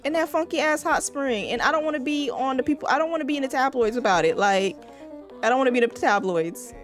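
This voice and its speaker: A woman's voice: high voice, animated, quick pace, faint music behind, voice pushed up. A woman voicing a sassy young woman Sim on a dinner date in a life-simulation game.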